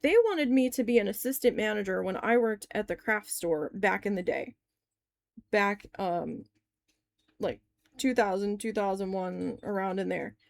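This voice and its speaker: A woman's voice: medium pitch, a little slow, creaky, no echo. A woman in her forties, chatty and long-winded, telling a story in a casual crafting vlog and swearing when annoyed. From New Jersey. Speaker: crafting vlogger.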